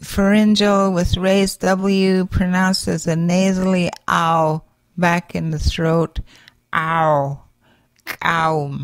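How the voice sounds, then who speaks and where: A language teacher with a lowish voice, recorded with no room sound, demonstrates how letters sound. Slowly and carefully, she voices each sound in isolation and then gives an example word.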